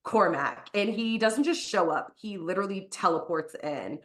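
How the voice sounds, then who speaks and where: A woman co-hosting a podcast, casually recapping a novel's plot in a chatty way, full of fillers and quick acted-out quotes. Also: mid-range voice, lively intonation, fairly bright tone. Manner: chatty, lots of "like", acts out quotes. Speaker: podcast co-host.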